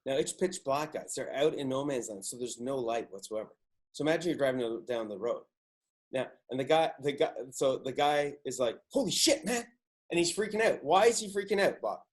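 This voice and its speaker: An excitable man hosts a podcast, spinning stories in loose, casual chat. He swears freely and leans hard into the telling. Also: medium pitch, fairly quick. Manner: excitable, swears a lot, animated. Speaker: podcast host.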